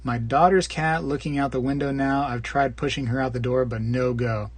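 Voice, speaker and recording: A man's voice: steady tone, moderate pace, no room sound. A man hosting a live stream, casually rambling and joking as he reads viewer comments. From Florida. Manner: rambling, jokey, puts on squeaky voices for bits. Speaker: live stream host reading chat.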